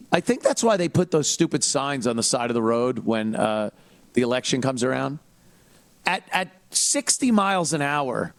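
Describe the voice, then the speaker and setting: A man with a gravelly, rough-edged voice holds forth in a casual commentary monologue. He is blunt and crude, often mimicking others with scorn. The sound is dry and close, with no room echo. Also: mid-range voice. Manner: blunt, profane, mocking, with frequent restarts and mimicry of others. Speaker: podcast host.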